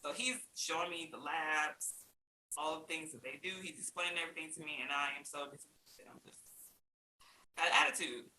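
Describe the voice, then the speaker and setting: Woman, interview guest, animated storyteller, acts out quotes, laughs often, roomy recording. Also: low-pitched, brisk. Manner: animated, acts out other people's lines; laughs often while talking. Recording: roomy with faint hiss.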